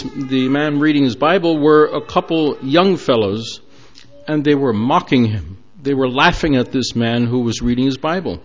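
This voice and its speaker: A man preaches a sermon at a slow, deliberate pace, earnest and a little hesitant. The recording is dull and lo-fi. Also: mid-range voice. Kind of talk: sermon storytelling.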